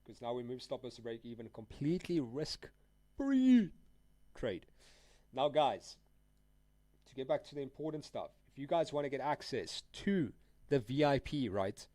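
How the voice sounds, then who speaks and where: A man's voice: mid-range voice, normal speed, a little mellow, no echo. A man live-streaming his trades, talking casually and full of slang while he answers chat and calls out trades. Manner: casual, slangy, addresses viewers as guys and dude.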